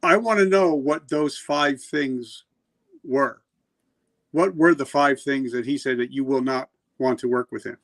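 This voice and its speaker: A man's voice: mid-range voice, a little slow, a bit bright, dry recording. Male host, eager questioner, dry close sound. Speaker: podcast host. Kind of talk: interview questions.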